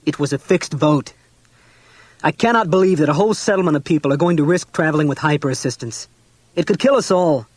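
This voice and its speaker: A man's voice: a little high, lively intonation, quick pace, dry recording, close to an everyday voice. A man voicing a stubborn, anxious husband and father who argues tensely. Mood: angry. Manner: tense, argumentative.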